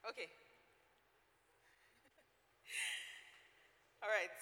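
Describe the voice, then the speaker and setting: Nigerian woman preacher, bright and forceful tone, long church reverb, faint noise; emphatic delivery. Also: lowish voice, a little slow, pauses often. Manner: emphatic, repeats key points, engages the congregation. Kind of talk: sermon.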